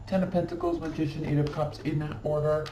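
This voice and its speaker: A woman's voice: low voice, level tone, fast. Emphatic woman reading tarot in an echoey room. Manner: emphatic and scolding, repeats phrases for stress. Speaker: tarot reader. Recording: echoey room, mic at a distance, faint background noise.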